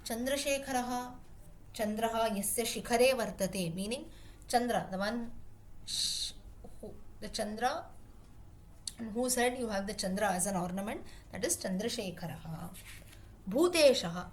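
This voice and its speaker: A woman's voice: a little high, a little hiss or hum. A woman teaching a class, explaining word meanings patiently and repeating terms as she rephrases. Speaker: Sanskrit teacher.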